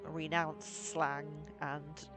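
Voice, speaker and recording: A woman's voice: low-pitched, little pitch movement, drawn-out words, music in the background. A woman live-streaming a story game, reading its text aloud and adding wry, laughing asides.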